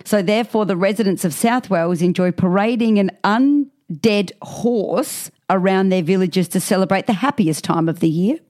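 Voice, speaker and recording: A woman co-hosting a casual podcast chat, with a voice at a middling pitch. She reads out odd facts with obvious relish. Her punchlines land flat and deadpan. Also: normal speed, few pauses. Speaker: podcast co-host.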